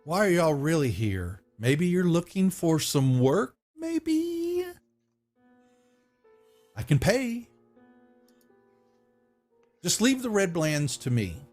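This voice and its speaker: A man's voice: high-pitched, big pitch swings, takes it slowly, long pauses, darkish tone, faint music behind, voice pushed up, full character voice. A man voicing a pompous, stubborn town master in a tabletop game, with blustery, officious talk. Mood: wheedling.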